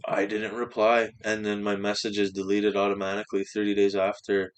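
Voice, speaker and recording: A man's voice: on the low side, brisk, smooth. Young man telling a wild story. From Canada. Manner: swearing, animated anecdote with quoted voices. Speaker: podcast guest. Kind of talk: casual storytelling.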